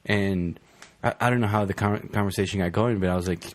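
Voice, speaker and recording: A man's voice: low voice, steady tone, fairly quick, dry recording. A man in casual chat, telling a story and swearing now and then. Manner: storytelling, profane.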